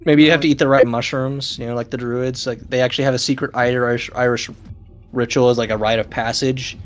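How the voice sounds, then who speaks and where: A man's voice: medium pitch, level tone, fairly quick. A man chatting casually with a friend while gaming, explaining things in a rambling, hesitant way. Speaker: friend playing along. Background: loud game music.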